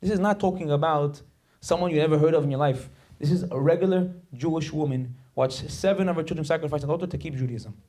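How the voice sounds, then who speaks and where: A man's voice: fairly high pitch, quick pace, warm tone. A male rabbi giving a sermon, emphatic and dramatic, telling stories and acting out the voices in them. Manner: acts out quoted voices.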